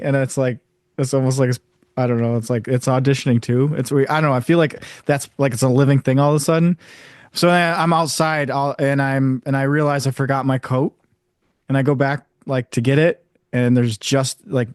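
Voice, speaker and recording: Halting male co-host telling a dream. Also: mid-range voice, darkish tone, clear, resonant tone, no echo, studio quality. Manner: halting, many "like" fillers, laughs through the story. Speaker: podcast co-host. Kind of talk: casual chat, dream storytelling.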